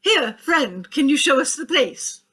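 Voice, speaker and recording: A pompous older aunt, acted by a woman, who mangles big words with grand, affected flourish. Her voice is very high and swoops all over, bright and sharp-edged. She plays every line for comic grandeur. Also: sing-song, unhurried, exaggerated voice. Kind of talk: stage comedy acting.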